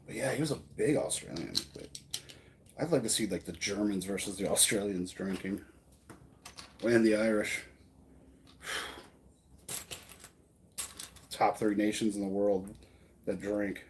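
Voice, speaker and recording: A man's voice: on the low side, unhurried, pauses often, slight background noise. Rambling American man, casual chat. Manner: rambling, filler-heavy, chatty. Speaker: streamer host.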